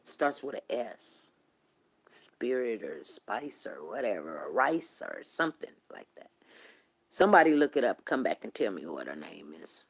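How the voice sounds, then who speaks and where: A middle-aged woman who hosts a show, telling a story to her viewers in a casual, colloquial and animated way. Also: rumbling low, measured pace, vocal fry, breathy edge. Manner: colloquial and animated, talks straight to the audience. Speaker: show host.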